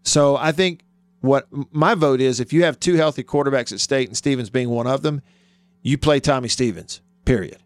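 Smooth-voiced male sports radio host. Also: medium pitch, normal speed, no echo. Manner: emphatic, argumentative, thinks aloud with restarts. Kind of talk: sports talk radio commentary. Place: radio studio.

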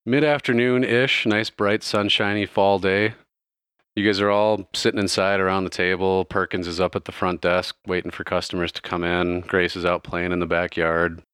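A man's voice: low-pitched, little pitch movement, moderate pace, a bit bright, clean tone, no echo, studio quality. A man narrating a tabletop game as game master in a casual, loose way, with plenty of fillers.

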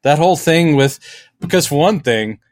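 Animated man with a dry close sound. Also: on the high side, moderate pace, no room sound. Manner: animated, acts out quotes in silly voices. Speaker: podcast co-host. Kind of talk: casual chat.

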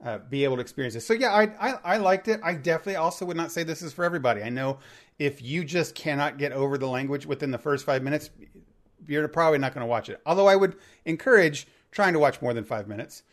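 Animated man retelling a film scene. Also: fairly high pitch, fast talker. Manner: animated storytelling, rambling with restarts. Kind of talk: casual movie discussion.

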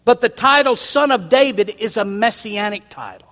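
Pastor guy preaching, real high bright voice, swells up loud, long echo off a big church hall. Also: expressive, moderate pace. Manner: preaching, rising to loud emphatic calls. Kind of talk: sermon. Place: church sanctuary.

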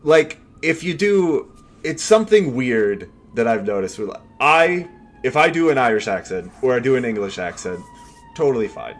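A man co-hosting a casual movie review chat, thinking aloud and rambling with lots of filler words. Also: mid-range voice. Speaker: podcast co-host.

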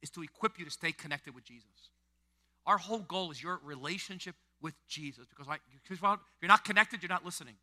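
A male pastor preaching a sermon to a congregation, animated, swinging from loud emphatic peaks to soft, intimate passages. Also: a little high, brisk. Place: church hall before a congregation.

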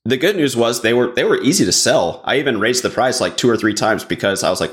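A man's voice: fairly low pitch, animated, fast, few pauses, fairly bright tone. A man chatting casually as a podcast guest, rambling along with lots of "like" fillers. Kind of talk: casual chat.

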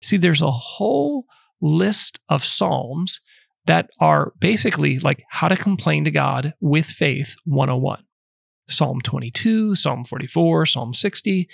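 A man hosting a podcast, calmly teaching prayer in numbered steps with a casual, conversational manner. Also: a little high, creaky, slightly rough, no room sound, studio quality. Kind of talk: casual instructional talk.

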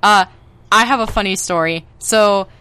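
A woman's voice: medium pitch, measured pace, bright, forceful tone, clean tone. A woman co-hosting a podcast, telling rambling stories in casual chat, full of fillers and swearing. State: tired from insomnia. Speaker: podcast co-host.

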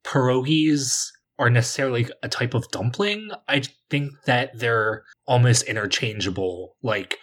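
A man's voice: mid-range voice, measured pace, hardly any pauses. A man with a US East Coast accent in casual podcast chat, rambling and hesitant, full of fillers and restarts. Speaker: podcast co-host.

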